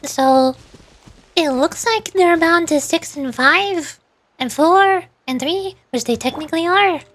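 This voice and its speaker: Giggly high-voiced young woman streamer. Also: takes it slowly, a bit bright. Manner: chatty, giggly, rambling. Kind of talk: casual gameplay streaming chat.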